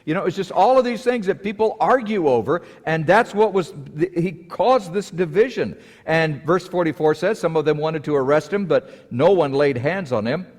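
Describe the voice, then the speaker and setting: Animated preacher in an echoing hall. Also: male voice, on the high side, moderate pace, hardly any pauses. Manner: lively storytelling, acting out quoted voices. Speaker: pastor. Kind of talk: sermon. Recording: long hall reverb.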